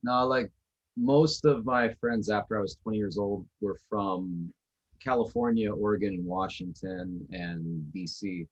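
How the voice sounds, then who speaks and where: Man from Wisconsin, podcast co-host, husky, laid-back, somewhat muffled audio. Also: fairly low pitch, unhurried. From Northeastern Wisconsin. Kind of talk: casual chat.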